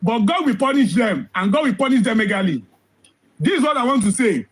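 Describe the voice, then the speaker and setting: A man delivers impassioned commentary, his voice unusually high for a man. He is hoarse, as if losing his voice. He hammers his points with rhetorical questions and repeated phrases, recorded close to the mic. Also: sing-song, fairly quick, a little hiss or hum, poor audio. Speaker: social commentator.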